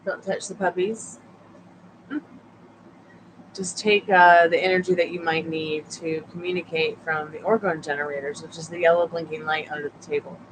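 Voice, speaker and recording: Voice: mid-range voice, level tone, moderate pace, a bit bright, a little hiss or hum, poor audio. A tarot reader hosting a casual late-night live stream from a couch at home, chatting with viewers and the dog, sleepy and yawning.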